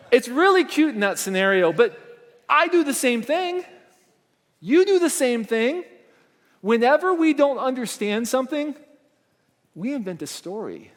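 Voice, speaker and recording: A middle-aged man giving a motivational conference keynote, telling a family story and acting out the voices in it. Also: sits high. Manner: animated storytelling, acts out quoted voices. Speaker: conference speaker. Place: conference hall stage. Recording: long reverb of a large hall.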